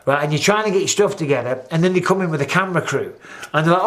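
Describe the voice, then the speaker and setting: A man's voice: a little high, rapid-fire. A man, hosting a casual chat and acting out what people said, with swearing. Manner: animated, swearing, acts out quotes. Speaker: host.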